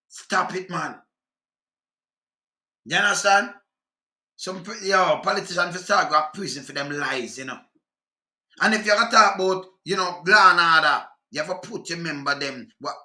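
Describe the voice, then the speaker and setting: Ranting Jamaican man, high bright voice. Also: echoey room. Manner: heated, profane, repetitive patois ranting. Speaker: commentator. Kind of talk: angry political rant.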